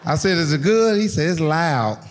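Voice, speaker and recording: A high-pitched older man on stage telling a story, bursting into loud acted-out voices. His voice rings with long hall reverb. A faint hiss sits underneath. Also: normal speed. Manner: animated storytelling, acts out voices with loud outbursts. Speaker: stand-up comedian. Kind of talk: stand-up comedy set.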